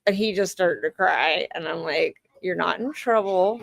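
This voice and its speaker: A woman's voice: lowish voice, normal speed, gravelly, no room sound, rough recording. A woman in her thirties hosting a livestream, telling a rambling everyday anecdote in casual chat and acting out the back-and-forth dialogue. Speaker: livestream host.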